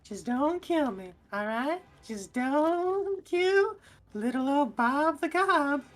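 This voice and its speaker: A woman's voice: high voice, lively intonation, takes it slowly, voice pushed up. A woman voicing a nervous male goblin who pleads and wheedles in a salesman's patter. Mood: pleading.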